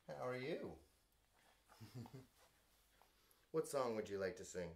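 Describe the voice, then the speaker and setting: A man hosting a children's bedtime show, narrating stories in a gentle, playful, expressive way. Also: medium pitch, slow pace, creaky.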